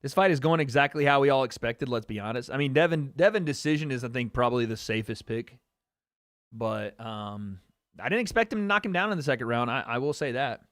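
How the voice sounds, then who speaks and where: A young man hosting a live watch-party stream, chatting casually and excitably, swearing freely as he reacts. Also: mid-range voice, a little fast, no echo, clean studio sound. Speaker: livestream host.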